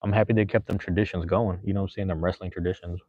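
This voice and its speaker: A man's voice: sits low, steady tone, rapid-fire, no room sound, highs cut off. A man, hosting a podcast in a loose, rambling chat full of slang and fillers. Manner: laid-back, slangy, rambling with frequent fillers. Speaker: podcast host. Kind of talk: casual chat reading live chat.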